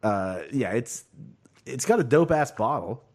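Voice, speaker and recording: A man's voice: mid-range voice, lively intonation, moderate pace, a little mellow. A man from the United States hosting a casual podcast chat, loose and jokey, swearing freely. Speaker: podcast host.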